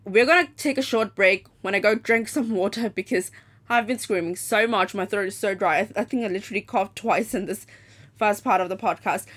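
A woman in her late teens hosting a solo podcast, telling stories in an animated, profane rant. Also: mid-range voice, fairly quick. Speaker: podcast host.

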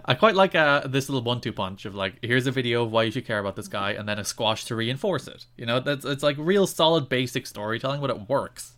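A man co-hosting a podcast, chatting casually about wrestling with quick, dry, sarcastic asides. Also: medium pitch, a bit bright. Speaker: podcast co-host. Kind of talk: casual chat reviewing wrestling.

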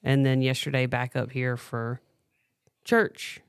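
A man telling a story in a casual podcast chat, animated. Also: medium pitch, takes it slowly, vocal fry, clear, resonant tone, dry recording, clean studio sound.

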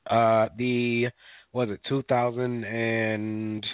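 A man co-hosting a podcast in casual chat, rambling with lots of fillers and quick mock voices. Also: mid-range voice, flat delivery, clean tone, dry recording. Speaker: podcast co-host. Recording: tinny phone-like dry sound.

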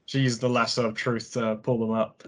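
A man's voice: mid-range voice, level tone, a little fast, a bit bright. A man talking casually as a film reviewer, rambling with many fillers. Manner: rambling, heavy with fillers like "you know". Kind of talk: casual chat.

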